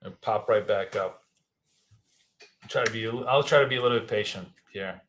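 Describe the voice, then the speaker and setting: A man's voice: on the low side, moderate pace, a bit bright, slight background noise. A man in his fifties or older with a Russian accent, a native Russian speaker, giving casual, rambling live trading commentary. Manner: casual, rambling, thinking aloud. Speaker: trading educator.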